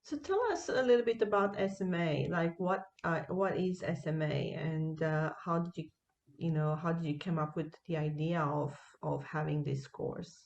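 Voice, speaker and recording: A woman's voice: low voice, normal speed, creaky, darkish tone, dull audio. A woman hosting a podcast interview, asking questions in a conversational way. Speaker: interviewer host.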